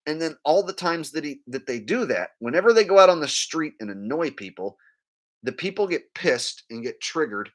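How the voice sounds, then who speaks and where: A man's voice: a little high, very animated, moderate pace. A man ranting bluntly during a live stream, full of fillers and scornful asides.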